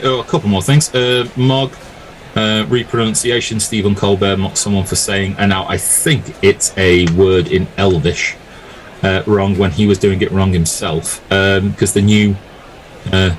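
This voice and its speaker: Man, co-host, lowish voice, joking asides, faint background noise. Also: steady tone, low-quality recording. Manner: joking, rambling, quick asides. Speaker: co-host reading listener messages. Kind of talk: casual chat on commentary.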